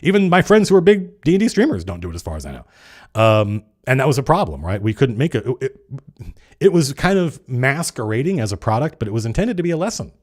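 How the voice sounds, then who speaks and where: Middle-aged guy rambling on his stream, fast and animated, swears a bit, mimics people. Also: medium pitch. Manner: animated, swearing, acts out quoted players. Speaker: streamer and game designer hosting a live chat. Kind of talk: casual livestream chat.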